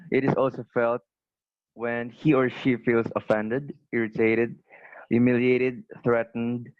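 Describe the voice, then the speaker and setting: A man of middle pitch reads a passage aloud for class, steady and fixing small slips. The call audio is dry and a little muffled. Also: no echo. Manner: steady reading with small self-corrections. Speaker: student. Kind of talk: reading aloud from a text. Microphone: video call.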